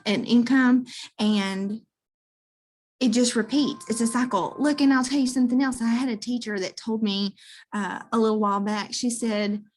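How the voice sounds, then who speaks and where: A woman with a somewhat high voice shares her experience in a relaxed, earnest way. She speaks heartfelt and unscripted, full of fillers and small restarts. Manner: earnest, warm-hearted testimonial with many fillers. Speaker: guest, direct sales seller. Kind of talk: casual chat.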